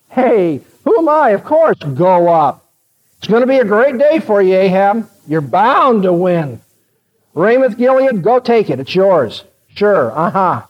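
A sarcastic male prophet hands a king the answer he wants in a mock-cheerful tone, as a preacher acts him out. His voice sits high and the recording is dull and lo-fi.

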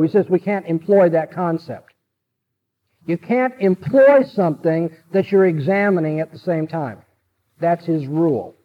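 A man's voice: high voice, narrow, tinny audio. A man giving a classroom lecture, emphatic and repeating key sentences so students can note them.

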